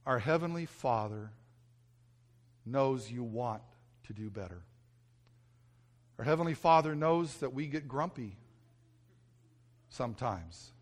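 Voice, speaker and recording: A male pastor preaching earnestly and telling a personal story, often dropping to a soft, hushed voice and repeating himself when moved. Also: mid-range voice, animated, slow pace, long pauses. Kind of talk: sermon.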